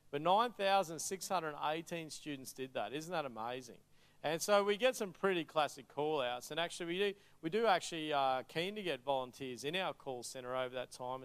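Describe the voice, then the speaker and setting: Australian man, upbeat storyteller at a church talk, smooth, resonant, slightly high voice. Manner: energetic, joking, storytelling. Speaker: charity speaker.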